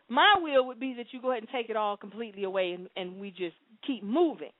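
A woman preaching a sermon and praying aloud, swinging between soft pleading and loud exclamations. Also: a little high, expressive, fast, few pauses, no echo. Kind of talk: sermon and prayer. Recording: dry, phone-like sound.

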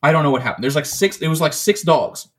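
A man with a slightly high voice chats casually on a podcast. He rambles through a long story, swearing freely and stumbling over restarts. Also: lively intonation, fast. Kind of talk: casual chat.

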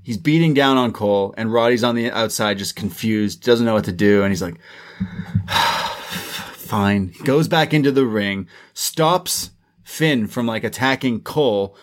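A man co-hosting a casual podcast, telling the story of a show with animated energy. His voice sits at an ordinary middle pitch, and he often drops into little impressions of the people he describes. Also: moderate pace. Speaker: podcast co-host. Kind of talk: casual recap chat.

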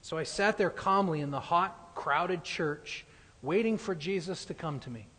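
A man preaching a sermon, reading a story aloud with earnest storytelling that drops to a hush in the sad passages. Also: fairly high pitch, unhurried. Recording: long hall reverb.

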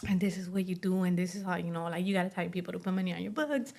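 A young woman, appearing as an interview guest, casually tells a personal story in quick bursts full of "like," acting out what other people said. Her voice is fairly low, a little mellow, with vocal fry.

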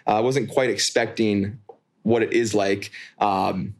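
A man's voice: fairly low pitch, fairly even intonation, measured pace. A man co-hosting a casual podcast, telling stories with frequent laughs and restarts. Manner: laughs often, storytelling with restarts. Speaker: podcast co-host. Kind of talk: casual chat. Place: New York.

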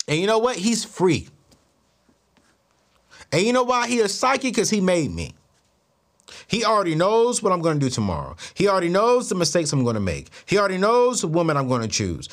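Man, young adult, casual vlog monologue, animated, high pitch, very lively intonation. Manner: animated, storytelling, exasperated asides. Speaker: vlogger.

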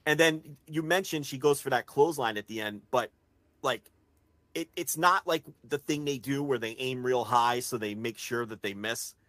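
A man co-hosting a podcast in casual chat, talking excitedly, swearing freely and building an argument point by point. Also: mid-range voice, normal speed, dry recording. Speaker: podcast co-host.

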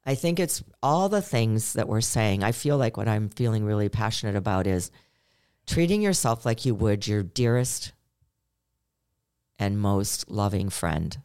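A middle-aged podcast co-host with a clear, resonant bass voice speaks at a measured pace in a casual chat. She earnestly tells a story from her own life, growing animated as she acts out quoted lines.

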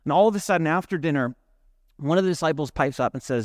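A man's voice: on the high side, fast, no echo, studio quality. A male pastor preaching in a conversational way, full of rhetorical questions. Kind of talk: sermon.

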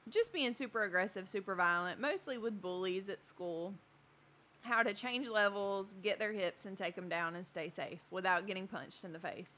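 A woman who coaches jiu-jitsu, telling a story in a chatty, animated way with plenty of fillers. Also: medium pitch. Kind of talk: casual storytelling.

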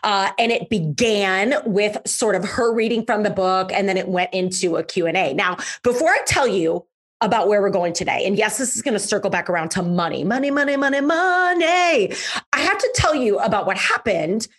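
A woman's voice: medium pitch, fairly quick, slightly rough. A woman podcast host telling a personal story in a casual, chatty way, stressing words by repeating them. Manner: lively, emphatic, repeats words for effect; chatty, with fillers.

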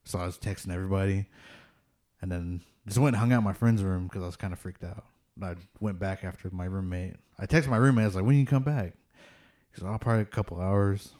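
A man's voice: low voice, fast talker, a little mellow. A man casually telling ghost stories, rambling with lots of fillers and laughing nervously at the tense parts. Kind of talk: casual storytelling of ghost encounters.

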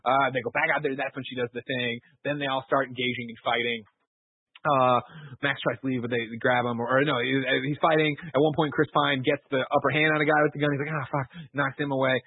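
Casting: male podcast co-host, quick and husky, profane and animated, tinny phone-like sound. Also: fairly high pitch, dry recording. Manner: fast, animated, swears a lot, acts out lines. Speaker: podcast co-host recapping a film. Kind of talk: casual profane movie recap.

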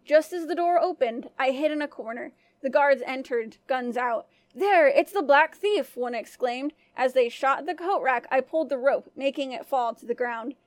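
A woman storyteller giving scripted first-person narration of a folk tale in an even, clear manner. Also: sits high, moderate pace, hardly any pauses, no echo.

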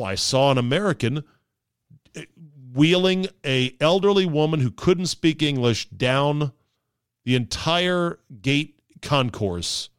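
A man's voice: mid-range voice, smooth, no room sound, clean studio sound. A man hosting a podcast, delivering a sarcastic casual monologue and slipping into mocking voices. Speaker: podcast host.

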